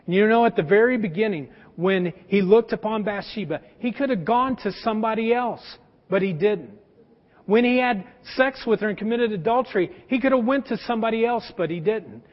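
A man's voice: high-pitched, animated, a little fast. A man preaching a sermon, telling a story and speaking straight to his congregation. Long hall reverb, dull lo-fi sound. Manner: storytelling, direct address to the congregation. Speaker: pastor.

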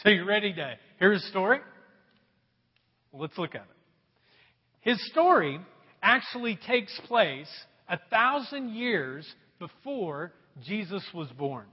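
A male pastor preaching a sermon to his congregation, telling a story in an animated way. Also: high-pitched, slow pace, husky. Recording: dull sound, long hall reverb.

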